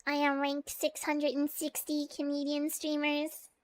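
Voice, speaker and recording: A woman's voice: high-pitched, completely flat delivery, a little slow. A Canadian woman with a Canadian accent, chatting casually and playfully with her viewers on a live stream. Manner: playful and rambling, chats to viewers.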